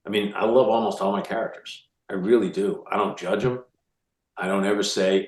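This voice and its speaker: Low-voiced animated man in a roomy space. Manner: animated, quick restarts and repeated words. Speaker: author guest. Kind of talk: casual interview conversation. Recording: roomy echo.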